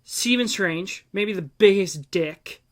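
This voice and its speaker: A young man co-hosting a podcast, chatting casually and excitedly, rambling off on tangents with lots of fillers. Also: high-pitched, takes it slowly, a loud crowd. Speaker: podcast co-host. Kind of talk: casual chat.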